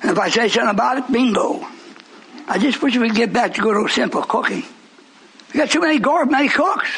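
High-pitched preacher. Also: male voice, lively intonation, a little fast, slightly rough, rough recording. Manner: shouting, scolding, then joking with the congregation. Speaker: pastor. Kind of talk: fiery preaching.

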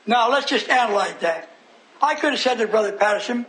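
A man's voice: very high voice, expressive, fairly quick, a crowd in the background, rough recording. A man preaching a sermon, fervent and storytelling, often breaking into hallelujahs with his congregation answering. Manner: fervent, exclaiming hallelujah, call and response. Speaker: pastor.

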